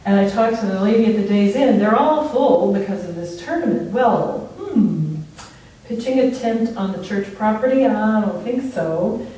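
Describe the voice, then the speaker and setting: A woman's voice: medium pitch, normal speed. A woman giving a conversational sermon at a church, telling stories and laughing often. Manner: storytelling, animated, laughs often. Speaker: speaker at a church service. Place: church sanctuary. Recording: distant mic in an echoey room.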